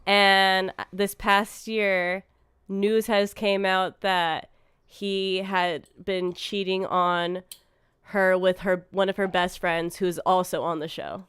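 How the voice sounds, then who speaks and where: A woman's voice: medium pitch, level tone, takes it slowly, fairly bright tone, clean tone, dry recording. A young woman in her twenties co-hosting a podcast, eagerly explaining things in a chatty, casual way. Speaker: podcast co-host. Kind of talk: casual chat. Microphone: podcast mic.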